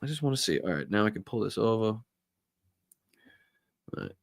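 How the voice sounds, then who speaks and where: Boston male host, lowish voice, dry close sound, sarcastic and profane, reads headlines with asides. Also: very animated, brisk, vocal fry, no room sound. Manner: profane, sarcastic, laughs at the news; reads news aloud with stumbles and asides. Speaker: political talk show host. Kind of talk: live-stream political commentary.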